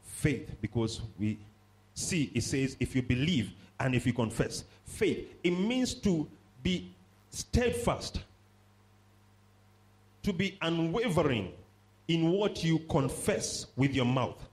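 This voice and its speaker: A man's voice: on the high side, very animated, slow pace, darkish tone. A man preaching a sermon, stressing points by repeating phrases and calling on the congregation to respond.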